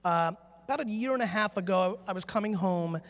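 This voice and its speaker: A man's voice: high-pitched, brisk, a bit bright. A man giving a live conference talk and answering audience questions, brash, emphatic and full of profanity. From United States. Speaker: conference speaker. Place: large conference hall. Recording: long reverb from a conference hall.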